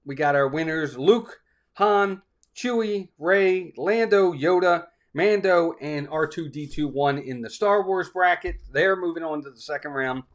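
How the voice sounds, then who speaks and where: A man's voice: a little high, a little slow. A man hosting a live stream in a casual, upbeat way, greeting chat viewers one by one by name.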